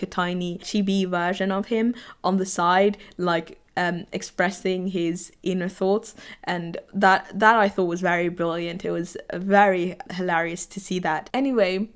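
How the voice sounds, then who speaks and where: A woman's voice: fairly low pitch, clean tone. A woman vlogger chatting casually about anime, rambling with many fillers and restarts, and getting teary when something moves her. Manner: rambling, full of fillers, laughs and gets teary. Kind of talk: casual chat.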